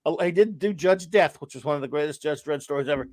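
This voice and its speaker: A man's voice: a little high, fast talker, a little mellow, no room sound. A man hosting a casual chat show about comics, talking enthusiastically and rambling with restarts. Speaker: podcast host.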